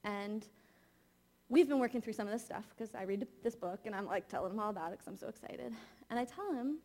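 A woman's voice: medium pitch, a little fast, a little mellow. A woman in her thirties preaching a sermon, telling a candid, confessional personal story.

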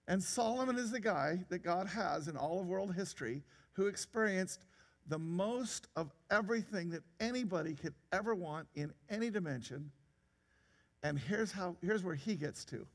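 A man's voice: high-pitched, animated, normal speed, big-room sound. A man preaching a sermon in a church, conversational, with rhetorical questions and frequent restarts. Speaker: pastor.

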